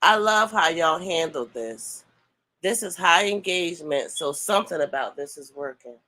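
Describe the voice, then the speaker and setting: A woman's voice: lowish voice, expressive, normal speed, sharp tone. A woman co-hosting a casual commentary show, musing as she reads viewer comments aloud and chats with her partner. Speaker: co-host of a couple's commentary channel.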